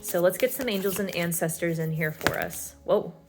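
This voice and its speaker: A woman's voice: lowish voice, fairly quick, over music. A woman giving a pick-a-card tarot reading, talking in a soothing, reassuring way with many fillers.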